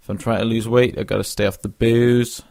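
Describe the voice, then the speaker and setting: A man's voice: mid-range voice, little pitch movement, brisk, gravelly, darkish tone, no echo. A young man hosting a casual solo podcast, rambling with lots of fillers and restarts and yawning now and then. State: yawning, drowsy. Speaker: podcast host.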